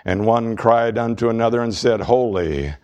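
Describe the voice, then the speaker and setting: A man preaching a sermon as pastor, reading scripture aloud in a measured way and slowing down on key words. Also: on the low side, a little mellow. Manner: reads scripture and quotes aloud.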